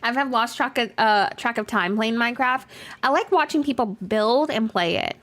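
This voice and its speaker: With faint music in the background, a young woman gaming on a livestream talks casually to her audience, full of fillers and laughter as she reads chat aloud. Her voice is on the high side and fairly bright, at a moderate pace.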